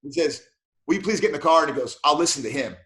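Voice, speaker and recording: A man, a police officer and martial arts black belt, telling animated stories in a casual interview and acting out the dialogue. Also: fairly high pitch, racing, roomy sound.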